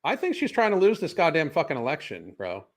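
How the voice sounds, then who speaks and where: A man with a somewhat raised voice talks bluntly and laces his lines with profanity. He sounds relaxed and chatty. He laughs easily as he reacts. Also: fairly high pitch, brisk. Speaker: podcast co-host; married. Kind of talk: casual chat.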